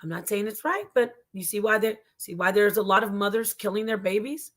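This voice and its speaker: A woman's voice: mid-range voice, brisk, fairly bright tone. A woman hosting a live stream, talking to her chat in an emotional, casual way, with frequent restarts. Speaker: live stream host reacting to a video.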